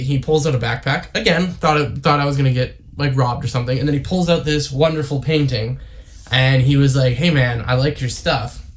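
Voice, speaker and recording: A young man from Canada talking casually to camera, rambling with many fillers and tangents. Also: mid-range voice. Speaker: YouTuber. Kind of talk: casual vlog monologue.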